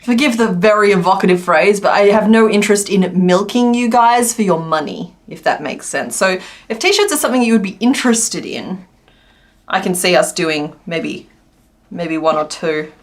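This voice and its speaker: A woman's voice: medium pitch, moderate pace. A woman chatting casually on a crochet livestream, rambling and laughing often. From Australia. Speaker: crochet streamer.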